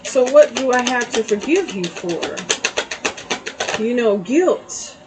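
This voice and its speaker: A middle-aged woman talks slowly and chattily through a tarot reading. Her voice sits a little high, and she keeps stopping to ask "okay?" Faint noise hums behind her. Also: animated. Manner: chatty, storytelling, frequent "okay?" asides. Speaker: tarot reader. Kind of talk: casual spiritual reading to viewers.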